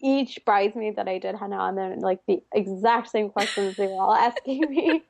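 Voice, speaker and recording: A woman's voice: mid-range voice, moderate pace, vocal fry, darkish tone, no room sound. A young woman, a henna artist, chatting casually and laughing often as she retells what clients ask her. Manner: laughs often, quotes people in little asides. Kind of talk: casual chat.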